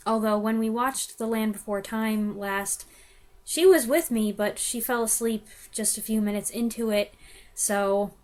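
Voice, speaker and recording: A young woman vlogger chatting to the camera, self-deprecating and laughing often. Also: a little high. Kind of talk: casual chat to camera.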